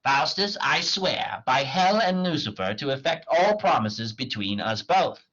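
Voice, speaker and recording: Male reader voicing a sly devil tempter, slow and deliberate, husky, lo-fi. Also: medium pitch, sing-song, fairly bright tone, voice pushed up. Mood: tempting. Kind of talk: dramatic reading of a play.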